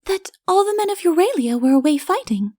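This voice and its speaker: A high, sing-song young princess, gentle and playful, as a woman reading puts her on. Her voice leaps up and down lightly, soft and mellow rather than bright. It sounds close and dry, with no room around it. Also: animated, fairly quick, dry recording. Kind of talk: audiobook character voice.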